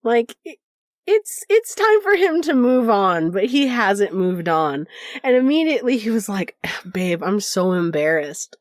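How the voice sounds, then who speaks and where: A woman's voice: a little high, big pitch swings, unhurried, no echo, clean studio sound. A woman co-hosting a podcast, casually recounting an anecdote and acting out the quoted voices, laughing often. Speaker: podcast co-host. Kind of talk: casual storytelling chat.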